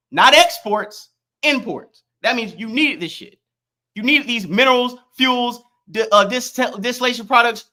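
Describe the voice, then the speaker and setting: A livestream host arguing loudly in a profane, combative way and talking over the other person on a stream mic. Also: medium pitch. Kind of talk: heated online debate.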